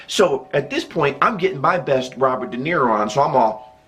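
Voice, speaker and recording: A man's voice: medium pitch, expressive, fairly quick, a bit bright. A man from the American Midwest hosting his own channel, telling a casual storytime tale in a rambling, self-interrupting way that keeps breaking into laughter. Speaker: YouTube storyteller.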